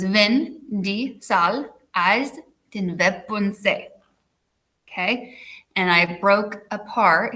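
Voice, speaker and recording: A woman's voice: lowish voice, sharp tone. A woman teacher giving a recorded video lesson, chatty and checking in with her students with frequent "okay"s.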